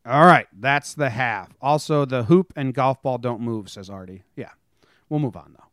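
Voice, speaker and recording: A man co-hosting a casual sports podcast, his voice sitting mid-pitch. He rambles, trails off and restarts his thoughts. The mic is close and dry, with no room sound. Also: normal speed, a bit bright, dry recording. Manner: rambling, self-interrupting. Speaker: podcast co-host.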